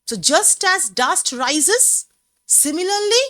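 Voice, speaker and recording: A woman teacher with an Indian English accent, explaining a poem in a slow classroom lesson and repeating phrases for emphasis. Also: sits high, very animated, pushed and bright.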